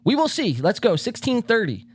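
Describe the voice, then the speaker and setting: A man hosting a podcast, pausing a clip to give sarcastic casual commentary. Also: high-pitched, huge pitch swings, slightly rough. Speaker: podcast host.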